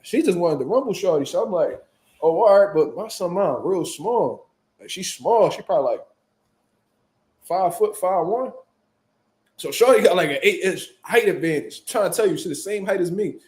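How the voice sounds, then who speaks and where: A man telling a story in casual chat, animated and full of profane street slang. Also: sits high, moderate pace, reverberant. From Philadelphia, US. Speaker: boxing show host.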